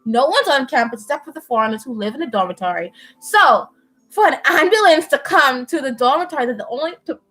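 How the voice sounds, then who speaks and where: A young Bahamian woman chatting at home on a live stream, telling an animated story and often laughing. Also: sits high, quick pace, low-quality recording. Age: young adult. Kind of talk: casual chat, storytelling. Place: at home indoors.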